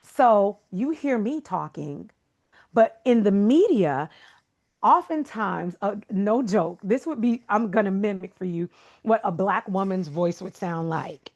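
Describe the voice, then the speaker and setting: Woman, guest speaker, unhurried delivery, emphatic, rhetorical questions, motivational talk. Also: medium pitch, expressive, darkish tone. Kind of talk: motivational talk on a video call.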